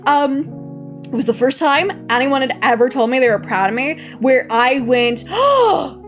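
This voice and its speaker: A woman's voice: high voice, normal speed. A young woman streaming live, chatting to her viewers in a rambling, emotional way, tired and close to tears, with nervous laughs. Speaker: VTuber streamer. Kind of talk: casual live-stream chat. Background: faint background music.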